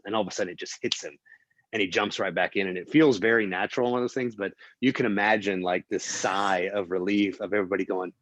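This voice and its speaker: A film producer with a deep voice talks fast as an interview guest, telling a lively behind-the-scenes story and voicing what people said. His delivery is full of fillers and false starts. There's no room sound, and the audio quality is poor.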